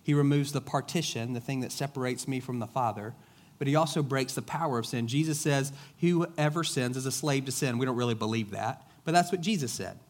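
A middle-aged man delivers a sermon in a relaxed, conversational way, slipping in jokes and retelling a parable. His voice sits at a middle pitch, like plain everyday talk. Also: a little fast. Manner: casual, joking, storytelling. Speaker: pastor. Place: church sanctuary.

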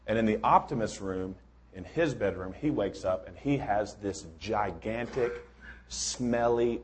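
A man's voice: fairly low pitch, a little slow, slight background noise. Easygoing male preacher, chatty and rambling, restarts often, jokes before scripture. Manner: informal, rambling, many restarts, joking. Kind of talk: sermon.

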